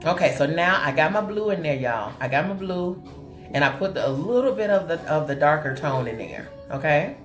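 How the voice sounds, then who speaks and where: A lively woman hosts a makeup live stream and chats warmly with her viewers as she works. Her pitch swings widely, though her voice sits a little low. The room is echoey, with faint music playing behind her. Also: a little fast. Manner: animated and chatty, greets viewers with terms of endearment. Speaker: host of a live makeup tutorial.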